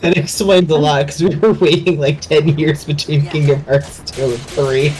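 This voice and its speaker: A man's voice: fairly high pitch, steady tone, moderate pace, over music. A man in casual podcast chat, insistent and repeating himself as he makes his point.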